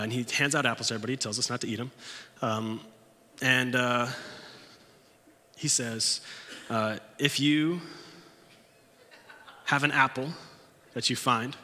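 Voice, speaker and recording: A man's voice: mid-range voice, pushed and bright, slight background noise. A young man, a pastor, telling a joking story from his youth in a sermon, acting out the people in it. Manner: joking, self-mocking storyteller, acts out quotes. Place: church sanctuary. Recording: long church reverb.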